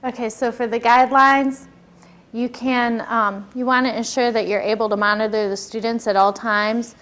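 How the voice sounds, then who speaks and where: A woman's voice: on the high side, flat delivery, normal speed, a bit bright. A woman giving a workshop lecture on classroom behavior, talking conversationally and asking her audience questions.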